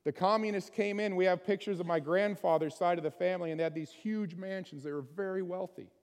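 A man's voice: sits high, fairly even intonation, brisk, long reverb tail. A man preaching a sermon in a conversational way, often putting questions to his listeners. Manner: conversational, asks the congregation many questions. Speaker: pastor.

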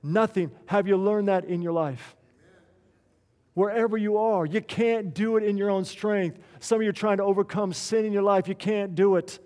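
A man's voice: high-pitched, normal speed, warm tone. A middle-aged man preaching a sermon as a pastor, earnest and asking the congregation questions. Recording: long hall reverb.

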